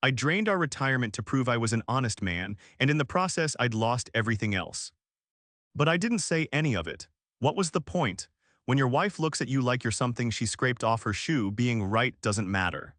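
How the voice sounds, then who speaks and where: Brief: male story narrator, mid-pitched, steady delivery, dry close sound. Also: normal speed, no echo. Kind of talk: first-person story narration.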